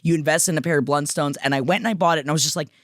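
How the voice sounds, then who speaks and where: A woman co-hosting a podcast in casual chat, animated and quick to swear, reading listener emails aloud. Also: no echo, studio quality. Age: adult. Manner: animated, swears freely, jumps in pitch for emphasis. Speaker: podcast co-host.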